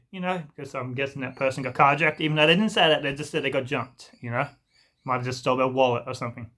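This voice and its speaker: Exasperated young man ranting, bright voice. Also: mid-range voice, quick pace. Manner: exasperated, rambling, swears freely, mocks others in put-on voices. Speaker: vlogger. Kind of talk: ranting storytime monologue.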